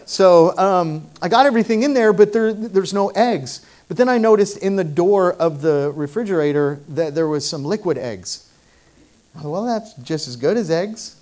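A man's voice: on the high side, a little mellow. A man leading a prayer and then telling a humorous personal story in a sermon. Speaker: pastor.

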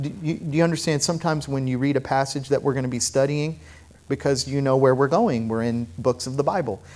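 A man preaching a sermon, moving from quiet, conversational reflection with restarts and rhetorical questions to loud, emphatic preaching. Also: medium pitch. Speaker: pastor.

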